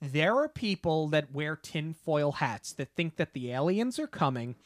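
Male podcast co-host, unhurried and deliberate, close dry mic, amused storyteller. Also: a little high, animated, no room sound. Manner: slow, deliberate build-ups with playful disbelief. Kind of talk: casual podcast chat. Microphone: podcast microphone.

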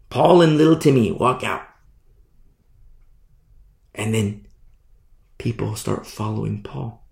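A man preaching a sermon, animated storytelling that acts out the people in it. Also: fairly low pitch, takes it slowly, gravelly, pauses often, reverberant. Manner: animated storytelling, acting out voices.

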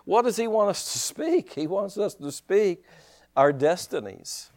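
A male pastor preaching a sermon in an animated way, full of rhetorical questions and chuckling asides. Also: high-pitched, unhurried.

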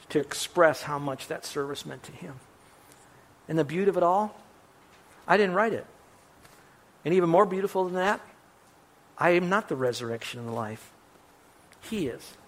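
A man preaching a sermon as pastor, emphatic and animated, his voice climbing when he quotes scripture and dropping into wry asides to the congregation. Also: on the high side. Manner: emphatic and animated, voice rising on quotations.

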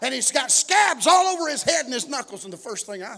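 A man from Texas, a pastor preaching a sermon and telling stories, swinging between shouting and quiet murmuring. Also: very high-pitched, very animated, fairly quick, vocal fry. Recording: long echoing hall reverb.

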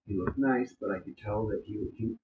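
A man's voice: fairly low pitch, very animated, fairly quick. A man telling a story in a casual, rambling way, full of fillers and swearing. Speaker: podcast co-host. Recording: muffled, echoey room with faint hum.

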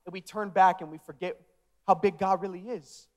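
A man's voice: high-pitched, fairly quick. A young man preaching a sermon with energy, acting out the disciples in casual modern speech. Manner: energetic, acts out the disciples' dialogue. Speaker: pastor.

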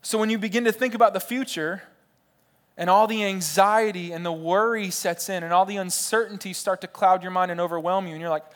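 A man's voice: high voice, brisk. A young man in his twenties preaching a sermon in a large church, talking straight to the crowd with jokey asides. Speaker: pastor.

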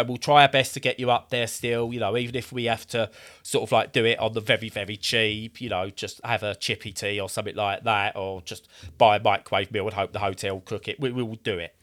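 A man's voice: medium pitch, a bit bright. A man in his thirties telling a rambling story in a casual way, acting out the voices he quotes.

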